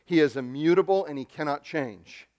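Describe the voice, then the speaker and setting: A man preaching a sermon, excitable and emphatic, often repeating words and swinging between loud stresses and quiet asides. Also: fairly high pitch, moderate pace. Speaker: pastor.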